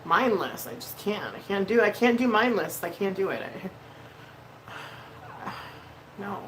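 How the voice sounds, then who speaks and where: A woman's voice: mid-range voice, very animated, unhurried, a bit bright, a little hiss or hum, poor audio. Emotional woman venting on a livestream. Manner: emotional, venting, swears freely, laughs often. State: emotional, near tears. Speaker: livestream host. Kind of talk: casual livestream chat while doing makeup.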